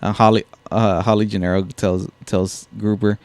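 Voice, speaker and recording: A man co-hosting a podcast in casual chat, animated and quoting lines with a laugh. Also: lowish voice, moderate pace, no room sound. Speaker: podcast co-host.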